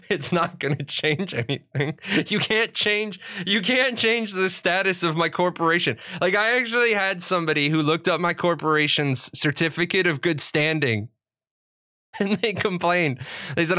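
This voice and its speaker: Middle-aged guy for a casual gaming stream: bright, forceful voice pitched a touch high, rambling and cussing. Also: lively intonation, normal speed. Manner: rambling and profane, with frequent restarts. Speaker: streamer and gaming network owner. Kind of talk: casual livestream chat.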